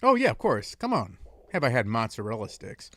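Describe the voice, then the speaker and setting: A man's voice: medium pitch, wildly swooping pitch, brisk, fairly bright tone, no echo. A young man hosting a call-in stream, talking in a rambling, joking way with lots of filler words. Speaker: streamer host taking calls. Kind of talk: casual chat.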